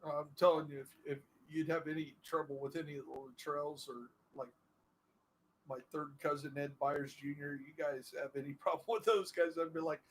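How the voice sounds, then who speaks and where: A man's voice: fairly high pitch, fairly even intonation, normal speed, slight background noise, rough recording. A middle-aged man chatting casually while playing a game, telling a long story with many fillers and restarts. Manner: rambling, full of fillers and restarts. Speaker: gaming streamer.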